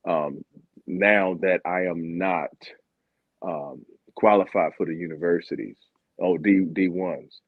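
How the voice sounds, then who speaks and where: A man from Baltimore telling his story as a guest, animated and sometimes acting out what others said. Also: low voice, breathy edge, no room sound. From Baltimore, Maryland, USA. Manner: animated, acts out quotes of teammates. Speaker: guest, former Olympic sprinter. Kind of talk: candid conversational storytelling. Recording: dull lo-fi sound.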